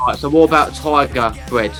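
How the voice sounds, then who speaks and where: A man's voice: mid-range voice, a little fast, fairly bright tone, faint music behind. A man, a band member guest on a podcast over a video call, making wry, teasing remarks. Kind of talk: casual interview.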